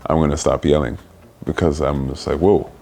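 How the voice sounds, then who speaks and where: A man's voice: extremely low pitch, flat delivery, fairly quick, a little mellow. A young adult man hosting a candid conversational podcast, speaking reflectively in short, repeated phrases. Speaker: podcast host.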